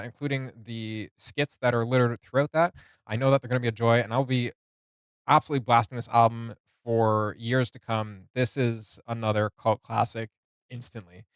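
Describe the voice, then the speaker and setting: A man's voice: medium pitch, clear, resonant tone, dry recording, studio quality. A man hosting a music reaction video, talking casually, laughing often and reading notes aloud with lots of fillers.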